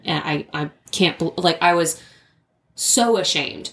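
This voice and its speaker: A woman guest talks candidly and earnestly, with plenty of fillers and restarts. Her voice sits a little low. The recording carries a noticeable room echo. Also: measured pace, gravelly, a bit bright. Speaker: podcast guest. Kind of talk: casual conversation.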